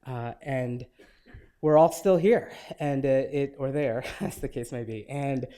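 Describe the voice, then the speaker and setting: A man in his forties giving a lecture, telling personal anecdotes in a relaxed, conversational way with gentle humor. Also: medium pitch, measured pace, clean tone. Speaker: guest lecturer.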